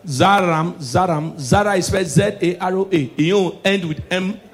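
A man with a Nigerian accent performing stand-up comedy. He mixes Pidgin and English and swings between murmured asides and shouted punchlines. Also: high-pitched, normal speed, slight background noise.

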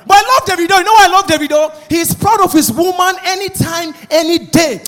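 A man's voice: extremely high pitch, fairly quick, fairly bright tone, a little hiss or hum. A man with a Nigerian accent doing stand-up, telling stories that mix Pidgin and English. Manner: storytelling, mixing Pidgin and English. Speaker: stand-up comedian. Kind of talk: stand-up routine.

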